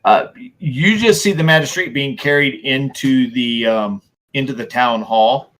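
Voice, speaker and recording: A man's voice: medium pitch, a little slow. Man narrating as game master. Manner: animated, laughs often, repeats words while narrating. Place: home streaming setup.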